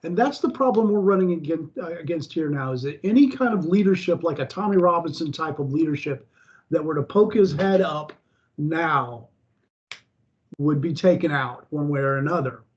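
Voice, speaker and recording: An American man chatting casually, rambling with halting restarts. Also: fairly high pitch, lively intonation. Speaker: co-host. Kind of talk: casual chat. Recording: dull lo-fi audio.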